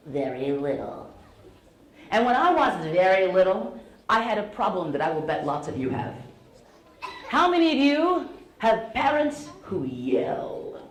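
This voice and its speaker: A middle-aged woman storyteller speaking playfully and animatedly to an audience of schoolchildren in a school hall. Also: mid-range voice. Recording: roomy echo, faint hall noise.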